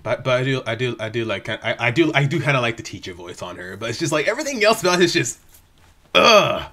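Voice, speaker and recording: A man hosting an anime reaction video at home, talking casually and excitably, often restarting his sentences. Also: medium pitch, very fast. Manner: excitable, rambling, frequent restarts and exclamations. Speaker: reaction channel host. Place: home room.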